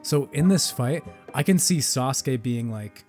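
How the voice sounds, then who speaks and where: A man's voice: medium pitch, expressive, a little slow, few pauses, a little mellow, soft background music. A young adult man co-hosting a casual chat, talking in a loose, rambling way with many fillers.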